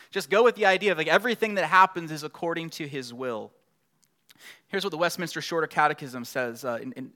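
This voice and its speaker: A man's voice: on the high side, pushed and bright. A middle-aged male pastor preaching a sermon in a conversational way, building to emphatic passages.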